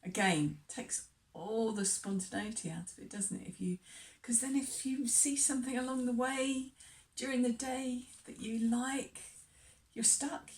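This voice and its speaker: A woman's voice: on the high side, a little slow. A woman travel vlogger talking casually to camera, hesitant with many ums and chatty asides. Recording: distant mic.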